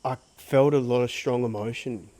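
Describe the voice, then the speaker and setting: Mellow male podcast host, gentle. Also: medium pitch, steady tone, normal speed, dry recording. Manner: gentle, supportive, calls the guest bro. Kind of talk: interview questions.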